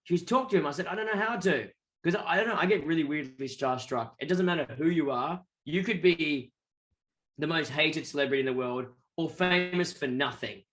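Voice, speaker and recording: Australian male musician, animated storyteller, voice sits a touch high, casual interview guest. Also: brisk. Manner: animated, rambling, acts out quoted voices.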